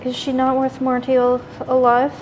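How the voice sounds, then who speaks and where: A woman's voice: high voice, completely flat delivery, normal speed, lo-fi sound, a little hiss or hum. A woman playing in a tabletop role-playing game, speaking in a dry, matter-of-fact way. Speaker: player. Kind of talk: casual tabletop game play.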